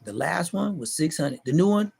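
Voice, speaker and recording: A middle-aged man delivering a profane, taunting callout rant to the camera, animated and mocking. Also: moderate pace, creaky, husky. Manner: animated, profane, taunting, pitch leaping high in mocking bursts. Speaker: street vlogger.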